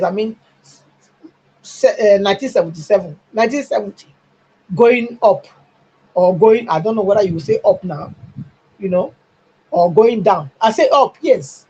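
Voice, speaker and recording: A husky-voiced middle-aged Nigerian woman giving call-in commentary on a live stream. She talks emphatically, pushing up toward near-shouting. The audio comes through slightly dull and lo-fi. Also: mid-range voice.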